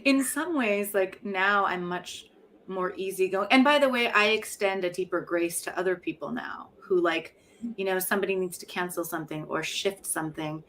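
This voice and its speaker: A middle-aged poet and professor speaks frankly and reflectively in a candid interview, frequently laughing at herself. Her voice sits fairly low, a bit bright, at a moderate pace. There's slight background noise.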